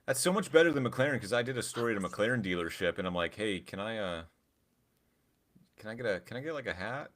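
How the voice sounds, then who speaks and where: Bright, lively low-voiced man. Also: quick pace. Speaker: podcast co-host. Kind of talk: casual chat.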